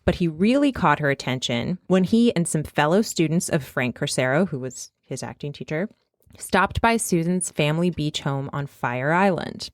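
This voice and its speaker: Low-voiced woman podcast host, wry. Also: lively intonation, moderate pace, dry recording, studio quality. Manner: wry, chatty storyteller. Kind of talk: casual chat, narrating researched gossip.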